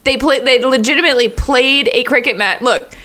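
Bright, excitable woman podcast co-host. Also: high-pitched, fairly quick. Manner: excitable, laughs a lot, rambling. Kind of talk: casual chat.

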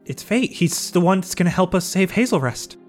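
A man voicing an anxious young woman haunted by nightmares, speaking in a halting, stammering, earnest way. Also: high voice, lively intonation, soft background music, pitched above the performer's own voice. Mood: urgent.

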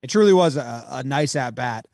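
A man co-hosting a podcast, bantering casually about baseball in an animated, jokey way. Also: mid-range voice, moderate pace, dry recording, clean studio sound. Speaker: podcast co-host. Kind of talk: casual sports chat.

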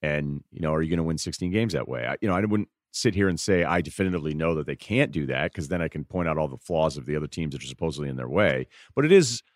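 A man's voice: very deep voice, lively intonation, fast talker, few pauses, dry recording. A man as a podcast guest in casual sports chat, playful and riffing through mock bits in a studio. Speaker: podcast guest, basketball analyst.

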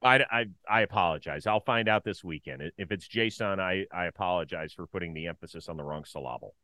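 A man co-hosting a baseball talk show, chatting casually, swinging from loud jokes to mumbled asides. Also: deep voice, quick pace, no room sound.

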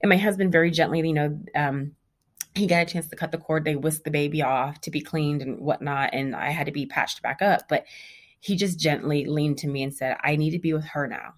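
Woman in her 30s, low voice, telling her own story, candid and animated. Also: brisk. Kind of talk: personal story.

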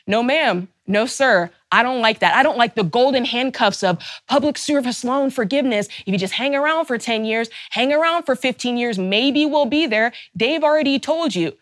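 Bright, high-pitched and lively in intonation, a woman hosting a personal finance show delivers a fervent motivational talk at a moderate pace. She piles up rhetorical questions with heavy emphasis and gets openly angry on behalf of her listeners. The studio-quality audio has no room sound.

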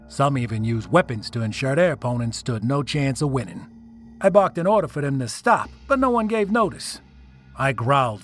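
A man reading a first-person horror story as a scripted narration, telling it dramatically and swelling on the tense moments. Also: medium pitch.

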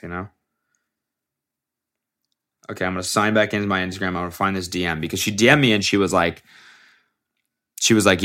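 A man with a fairly low voice chats alone on his podcast. He rambles and swears freely, restarting his sentences as thoughts pile up. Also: steady tone, a little fast, long pauses, sharp tone. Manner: rambling, profane, self-interrupting. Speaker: podcast host and aspiring comedian. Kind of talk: casual solo podcast monologue.

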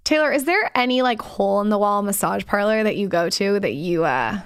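A woman's voice: mid-range voice, expressive, a little fast, clear, resonant tone. A woman co-hosting a podcast, chatting casually with bold, teasing, crude humor. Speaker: podcast co-host. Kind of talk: casual chat.

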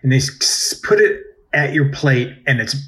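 A man's voice: medium pitch, expressive, normal speed. A man co-hosting a podcast in casual chat, playful and joking, swearing now and then. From United States. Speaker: podcast co-host.

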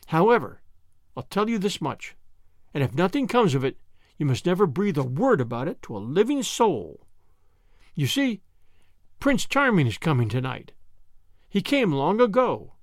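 A man's voice: sits high, no echo, clean studio sound. A man reading an audiobook, voicing a dreamy, romantic young woman who speaks in earnest, storybook phrases.

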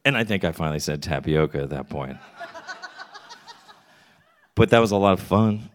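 This middle-aged man from Texas speaks in a low, expressive voice at a normal pace. He's performing for a live crowd, spinning a frank, funny story built around dryly delivered punchlines.

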